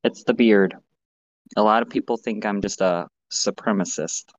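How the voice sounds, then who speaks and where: A man's voice: on the low side, steady tone, normal speed, no echo, muffled recording. A man telling a rambling story in casual podcast chat.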